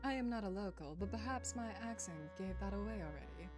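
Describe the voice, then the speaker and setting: A woman's voice: medium pitch, fairly quick, natural voice. A woman voicing a poised, menacing female witch in a game, speaking formally with a put-on French accent. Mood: cool, formal. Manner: calm, formal, coolly polite. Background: game music.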